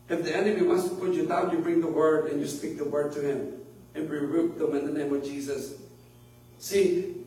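A man with a high voice preaches a sermon to his congregation, surging loud on key lines and laughing between stories. He sounds set back from the mic in a very echoey room. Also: distant mic. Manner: impassioned preaching with laughs and swells of volume. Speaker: pastor.

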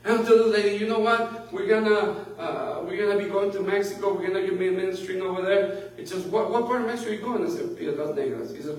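A man with a high voice preaches a sermon to his congregation, surging loud on key lines and laughing between stories. He sounds set back from the mic in a very echoey room. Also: steady tone, quick pace, hardly any pauses, recorded from a distance. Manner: impassioned preaching with laughs and swells of volume. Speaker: pastor.

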